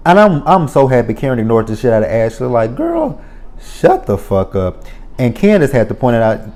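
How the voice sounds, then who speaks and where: A man's voice: medium pitch, animated, fast, a little mellow. A man giving a casual spoken recap of a reality show, blunt and profane, ranting with exasperation.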